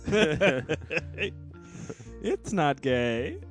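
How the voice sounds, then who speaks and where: A man co-hosting a casual comedy podcast, rambling through stories, getting loud and cursing. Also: fairly high pitch, very slow, faint music behind. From United States. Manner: animated, swears, rambling storyteller. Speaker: podcast co-host.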